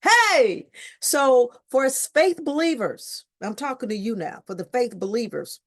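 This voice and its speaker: A woman's voice: on the high side, sing-song, normal speed, darkish tone. A woman in her fifties hosting a faith-based podcast, speaking expressively and repeating phrases with sudden exclamations. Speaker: podcast host. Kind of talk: faith-based grief talk.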